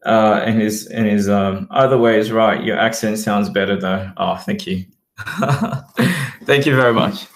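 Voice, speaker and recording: A man's voice: on the low side, steady tone, unhurried, echoey room. A man with a mixed Australian and British accent, rambling in a casual livestream chat as he talks to viewers.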